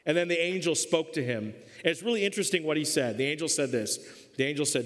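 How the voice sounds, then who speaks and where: A male pastor preaching a sermon, telling the story in a lively, humorous way. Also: fairly high pitch, quick pace. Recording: long reverb of a church hall.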